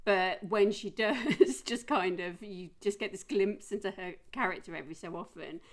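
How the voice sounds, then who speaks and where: A woman's voice: medium pitch, normal speed. A woman joining a casual film podcast, talking chattily and giggling often. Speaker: podcast guest.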